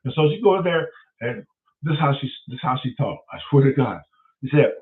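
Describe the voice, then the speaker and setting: Man, lively comic storyteller, higher voice, tinny and distant like a phone line. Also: moderate pace, long pauses. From Detroit, USA. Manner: profane, animated, acts out voices of others. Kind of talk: comedic storytelling.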